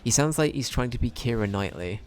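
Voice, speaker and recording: A man's voice: medium pitch, lively intonation, fairly quick, a little hiss or hum. A young man chatting casually on a game stream, rambling and swearing as he jokes with chat. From Britain.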